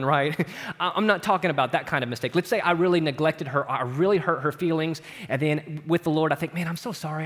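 A middle-aged man preaching a sermon in a conversational way, often asking "right?" and moving between loud, lifted passages and hushed ones. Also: fairly high pitch. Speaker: pastor. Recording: long hall reverb.

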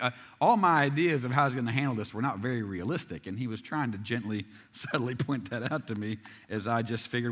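A man's voice: mid-range voice, fairly bright tone. A man in his forties preaching a sermon, telling a personal story in a conversational, self-deprecating way and asking the congregation rhetorical questions. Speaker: pastor.

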